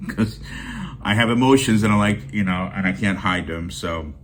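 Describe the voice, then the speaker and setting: Speaking at a moderate pace in a voice on the low side, a man runs a deal-hunting channel and addresses viewers in casual vlog chat. He gets emotional to the point of tears, rambling sincerely with many restarts.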